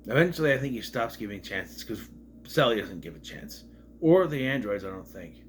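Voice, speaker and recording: A man gives a casual, rambling look back at an episode and wanders off into side topics. His voice sits at an ordinary middle pitch. A faint hiss runs under the recording. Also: very animated, moderate pace. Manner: rambling, loose and digressive. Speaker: show reviewer.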